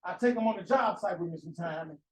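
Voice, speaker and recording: A man's voice: high-pitched, quick pace, distant mic, slight background noise. A man preaching an impassioned sermon, asking rhetorical questions and repeating phrases for emphasis. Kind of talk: fiery sermon. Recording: echoey room, voice off-mic.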